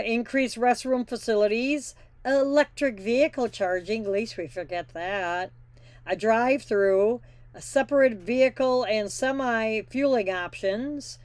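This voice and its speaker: A woman's voice: mid-range voice, no echo. A woman hosting a trucking news show, reading stories and breaking off for blunt, opinionated asides in plain folksy talk. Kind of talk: casual news reading with commentary.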